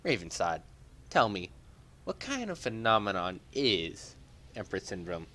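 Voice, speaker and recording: A man voicing a haughty young queen who speaks low, stern and clipped. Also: very animated, unhurried, sharp tone, heavily acted.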